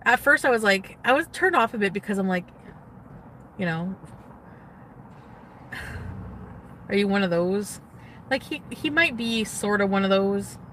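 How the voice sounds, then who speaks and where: A woman's voice: medium pitch, fairly bright tone, a little hiss or hum. A young woman talking casually to her viewers as an influencer, rambling with lots of "like" and restarts. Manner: rambling, full of "like" and trailing restarts. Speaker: social media influencer. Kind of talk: casual livestream chat.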